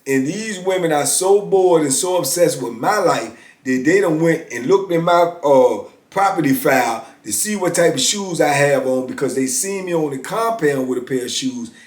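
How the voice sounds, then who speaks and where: A middle-aged man spins a story in loose, colloquial talk, now and then slipping into the voices of the people in it. His voice sits a touch high for a man. The sound carries a roomy echo. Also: moderate pace, hardly any pauses. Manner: animated, colloquial, acts out others' lines. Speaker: former prisoner telling his story. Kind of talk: casual storytelling.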